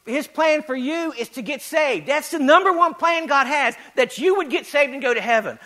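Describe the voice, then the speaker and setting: A man delivers a sermon in a high, bright voice. He keeps returning to the same lines, pushing them louder and more emphatic each time. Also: very animated, normal speed. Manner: rising to loud emphatic repetition. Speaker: pastor.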